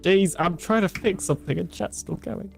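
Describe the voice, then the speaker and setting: Higher-voiced man chatting on stream. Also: normal speed, creaky, faint music behind. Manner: chatty, distracted while fixing things and reading chat. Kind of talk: casual livestream chat.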